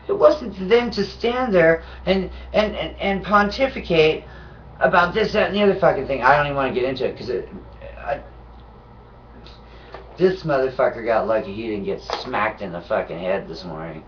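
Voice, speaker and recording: Brief: ill, nauseated man, constant swearing, low grumbles into shouts, muffled lo-fi audio. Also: moderate pace, recorded from a distance, a little hiss or hum. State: sick and nauseated. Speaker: vlogger. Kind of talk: angry profane rant to camera.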